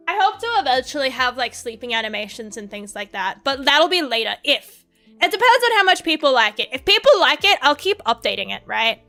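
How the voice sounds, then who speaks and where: High, bright woman streamer. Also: expressive, fairly quick, soft background music. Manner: rambling, crude and profane, laughs often. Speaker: VTuber streamer. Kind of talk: casual livestream chat.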